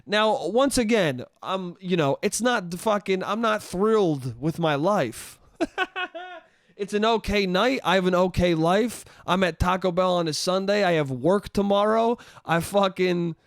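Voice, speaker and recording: High-voiced man ranting, comedy podcast. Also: normal speed, few pauses, no room sound, clean studio sound. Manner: profane, exasperated ranting. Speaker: podcast host. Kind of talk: comedic solo storytelling.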